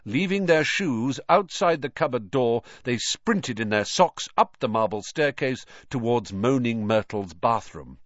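A man narrating a storybook in an expressive, animated reading style. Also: medium pitch, unhurried, few pauses, dry recording. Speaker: audiobook narrator. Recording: dull lo-fi dry audio.

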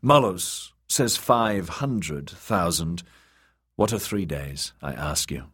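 A lazy young lord teases and needles in a soft, sly voice, as a male narrator puts him on. The tone is idle and mocking, with a husky edge. He lounges over every word. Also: low voice, animated, takes it slowly, no room sound, clean studio sound, exaggerated voice.

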